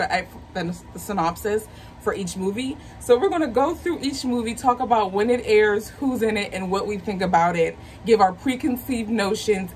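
Chatty thirties woman talking movies at home, slangy and easily excited, faint room hum. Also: medium pitch, rough recording. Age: 30s. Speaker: movie review channel host. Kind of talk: casual chat.

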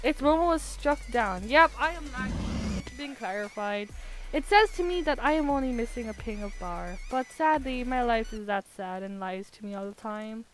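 A woman streaming a game from home, chatty and giggly, sounding tired with her voice going hoarse. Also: on the high side, animated, moderate pace, soft background music. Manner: chatty, giggly, self-mocking. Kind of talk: casual live gaming commentary.

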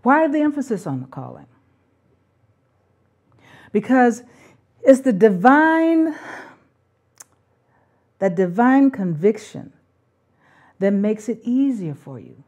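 Slow, mellow-voiced woman, earnest and spiritual. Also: on the high side, highs cut off. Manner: slow, earnest, with soft laughs. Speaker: parenting talk host. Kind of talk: reflective spiritual talk.

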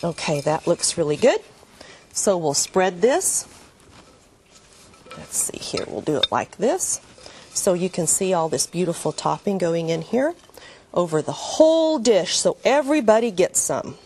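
A woman's voice: fairly low pitch, very animated, unhurried, dark tone, slight background noise. An older woman hosting a TV cooking demonstration, talking in a gushing, homey, cheerful way in a kitchen set. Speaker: cooking show host.

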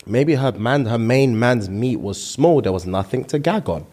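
Man, casual podcast co-host, reads comments aloud, laughs a lot, animated pitch. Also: moderate pace.

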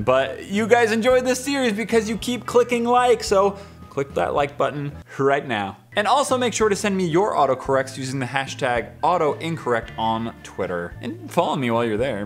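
Lively high-pitched young man joking. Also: moderate pace, soft background music. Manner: playful, jokey, often laughing. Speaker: comedy video host. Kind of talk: comic reading of text messages.

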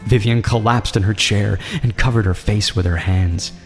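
A man narrating a drama story in a measured, dramatic way. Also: on the low side, steady tone. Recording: long reverb with soft music.

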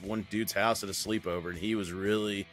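A man's voice: fairly low pitch, a little fast, soft background music. A man co-hosting a casual podcast, telling stories with lots of laughs and swearing. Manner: animated storytelling, swears freely, laughs often. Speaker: podcast co-host. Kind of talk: casual chat.

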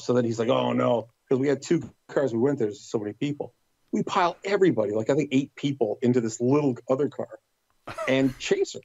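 A man spins a casual anecdote as a podcast guest, acting out what others said. His voice is gravelly and warm. The recording sounds dull and dry, with a lo-fi edge. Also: medium pitch. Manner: lively storyteller, acts out quotes. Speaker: podcast guest telling a story.

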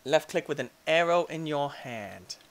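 An excitable man gives Let's Play commentary, swooping between squeals and soft baby talk. His voice sounds bright and sharp, and his pitch jumps all over. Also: unhurried. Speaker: gaming channel host.

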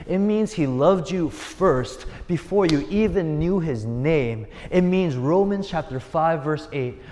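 A man's voice: on the high side, slow, hardly any pauses, mellow. A man preaching as a youth pastor, telling stories earnestly and driving points home with repetition. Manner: earnest storytelling with emphatic repetition. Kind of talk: sermon. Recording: long hall reverb.

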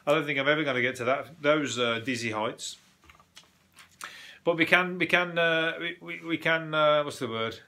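A man hosting a solo comedy podcast, riffing on news stories in a deadpan, sweary manner with quick laughs. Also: a little high. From United Kingdom.

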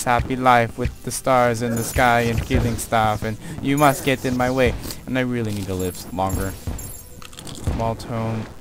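A young man commenting on his own gameplay as he plays, muttering to himself and yelling taunts at enemies. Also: mid-range voice, noisy background. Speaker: let's play gamer. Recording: game music loud behind the voice.

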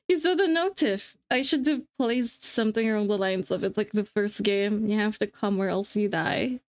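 A woman's voice: medium pitch, a little slow. A woman live-streaming to her viewers in casual chat, rambling and giggling, restarting her sentences as she fiddles with settings.

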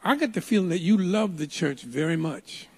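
Gravelly older preacher telling a story. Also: male voice, high-pitched, expressive, moderate pace. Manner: storytelling preacher, folksy and emphatic. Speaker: pastor. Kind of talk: sermon. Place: church sanctuary.

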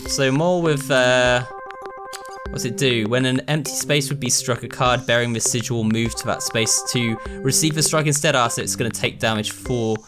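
A British man giving casual let's-play commentary, chatting himself through each move. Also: mid-range voice. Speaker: gaming YouTuber.

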